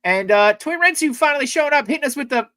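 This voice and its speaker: A man's voice: extremely high pitch, animated, fast, sharp tone, dry recording, studio quality. A man hosting a podcast, greeting guests and laughing often in casual chat. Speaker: podcast host.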